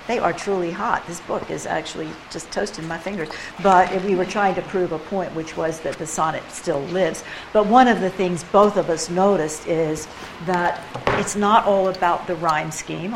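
Gravelly low-voiced woman leading a class. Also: steady tone. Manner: chatty, digressive, quick asides. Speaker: poetry workshop leader. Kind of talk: casual teaching talk. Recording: room ambience and background noise.

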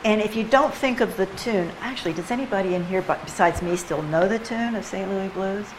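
A woman's voice: medium pitch, fairly quick, background noise. A woman leading a poetry workshop for a group, talking in a chatty, playful way and tapping out rhythms with her voice. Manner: chatty, animated, playful, mimics rhythms aloud. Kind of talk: informal teaching to a group. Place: room with a live group.

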